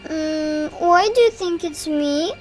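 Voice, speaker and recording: A woman's voice: sits high, slow, over music, voice pushed up. A woman voicing a smug, teasing vampire girl puppet who talks in a coy, evasive way. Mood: sly.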